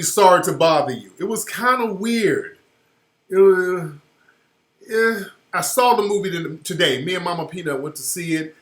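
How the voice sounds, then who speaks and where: A man hosting a radio show, giving emphatic, slangy commentary over a video clip. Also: high voice. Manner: emphatic, slangy, rising loud when worked up. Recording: roomy echoey sound.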